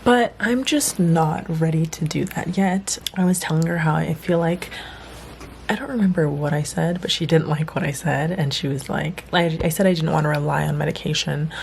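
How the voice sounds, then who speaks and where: A young woman chatting casually in a self-care vlog at home, rambling with lots of fillers, teary and dropping into soft whispers. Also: low-pitched, normal speed, gravelly, a little hiss or hum. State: teary, emotional. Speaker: vlogger. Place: home, indoors at night.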